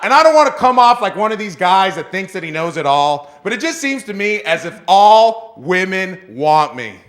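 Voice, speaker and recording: Lively high-voiced male stand-up comic. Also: normal speed. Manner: self-mocking punchlines. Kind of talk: stand-up set. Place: small club stage with live audience.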